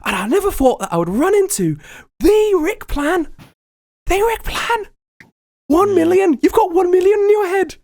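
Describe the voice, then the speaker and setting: A man voicing an overeager young male superfan, gushing with excitement in a tabletop game. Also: extremely high pitch, voice pushed up. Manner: gushing, rapid-fire excitement.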